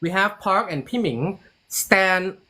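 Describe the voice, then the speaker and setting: Taking his time, a man who writes and produces a series recounts a story in a laid-back interview. He acts out quoted lines with big rises and falls in pitch, chatting loosely with frequent restarts and "like."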